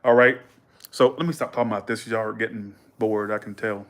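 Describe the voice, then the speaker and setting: A man's voice: lowish voice, steady tone, brisk. A man hosting a livestream in rambling, slangy casual chat, laughing often. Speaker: livestream host.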